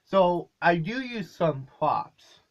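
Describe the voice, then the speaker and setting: A man's voice: high voice, lively intonation, slow pace, muffled recording, slight background noise. A man casually explaining how he makes his comedy videos, rambling a little and correcting himself as he goes. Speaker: video creator. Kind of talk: casual behind-the-scenes explanation.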